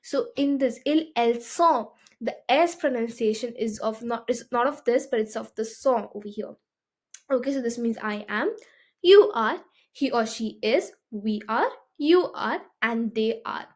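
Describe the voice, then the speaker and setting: A woman with a slightly high voice teaches a beginner French lesson. She explains step by step and keeps checking in with her listeners. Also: measured pace. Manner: explanatory, often checks with "okay?".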